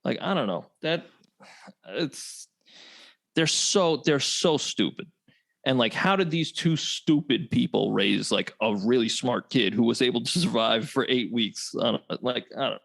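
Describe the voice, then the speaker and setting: A man with a gravelly, fry-laden voice at an ordinary pitch co-hosts a casual movie podcast. He is laid-back, swears freely, and often drops in short agreements. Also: expressive, measured pace, fairly bright tone. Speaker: podcast co-host. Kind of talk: casual chat about a movie.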